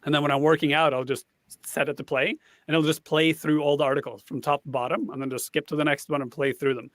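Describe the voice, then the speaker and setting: A man's voice: a little high, level tone, fast, fairly bright tone, dry recording. A man, a guest on a casual panel chat, explaining a tool at length and thinking aloud as he goes.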